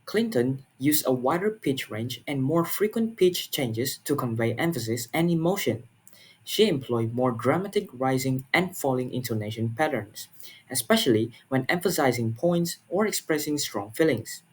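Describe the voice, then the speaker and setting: A young man from Malaysia, giving a class presentation in an earnest, halting way, often repeating words and filling pauses. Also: medium pitch, animated, breathy edge. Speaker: student presenter.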